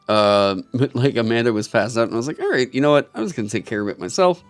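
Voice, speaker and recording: A man's voice: medium pitch, lively intonation, fast, few pauses, clear, resonant tone, soft background music. A young man rambling and laughing through a casual podcast chat, swearing often. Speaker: podcast host.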